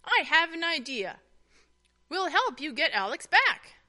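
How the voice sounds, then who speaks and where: An earnest, kind young boy from a children's storybook, his voice high and lively. A woman voices him with a bright, animated tone. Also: a little slow, full character voice. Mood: eager. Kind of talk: storybook reading.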